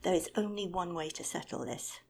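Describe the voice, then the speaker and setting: A woman's voice: fairly low pitch, a little fast, gravelly, darkish tone, a little hiss or hum. A woman voicing a bossy, quarrelsome male magpie in a whispered storybook reading. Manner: bossy, impatient.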